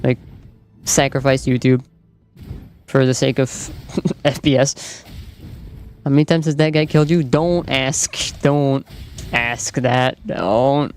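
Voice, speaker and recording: A man's voice: mid-range voice, steady tone, takes it slowly, pauses often, a little mellow, faint music behind. A man whose first language is French, speaking with a light French accent. He chats with his stream while gaming, joking, swearing and laughing often, and he sounds tired from staying up all night. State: tired from no sleep. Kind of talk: casual gaming stream chat.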